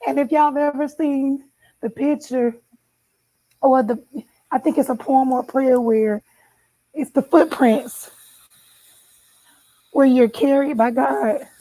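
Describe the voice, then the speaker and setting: A woman's voice: high-pitched, steady tone, takes it slowly, pauses often, mellow, dry recording, rough recording. A woman sharing an emotional personal testimony, speaking tenderly and then pleading with growing intensity, drawing her listeners in directly. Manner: addresses listeners with "y'all".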